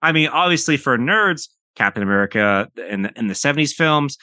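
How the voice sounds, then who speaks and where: A man's voice: mid-range voice, fairly quick, no room sound. A man co-hosting a podcast, chatting casually and emphatically about a film, often repeating words as he gets worked up. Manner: animated, emphatic, repeats words when excited. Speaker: podcast co-host. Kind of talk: casual film-review chat.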